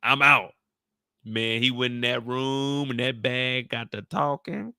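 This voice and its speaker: A man's voice: medium pitch, measured pace, gravelly, sharp tone, clear, resonant tone, no room sound, studio quality. A man giving casual, joking commentary as he recaps a TV episode, riffing in slang. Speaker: YouTube show recapper.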